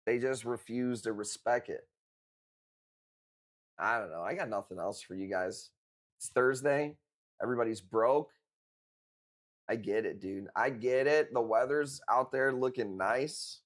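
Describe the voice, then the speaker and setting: A man hosts a live coral sale. He talks in a laid-back, unhurried way, swears often and leans on street slang, with his voice sitting at an ordinary middle pitch. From Chicago. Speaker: live-stream coral seller. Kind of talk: casual live-stream chat.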